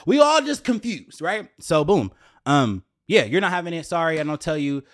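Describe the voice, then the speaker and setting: A man's voice: on the high side, big pitch swings, moderate pace, a bit bright. A young man telling a story to his viewers in a casual, profane rant, full of fillers and repeated rhetorical questions.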